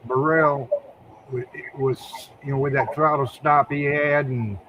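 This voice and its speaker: A man's voice: mid-range voice, steady tone, unhurried, noisy background. An older man from Ohio, a guest drag racer, telling folksy stories in casual interview chat, often repeating words and chuckling.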